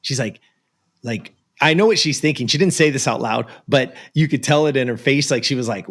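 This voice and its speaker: A man from the United States, a coach, telling an animated personal story as a guest in an interview. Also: medium pitch, a little fast. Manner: animated, acts out the voices of people in his story. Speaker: guest, productivity and life coach.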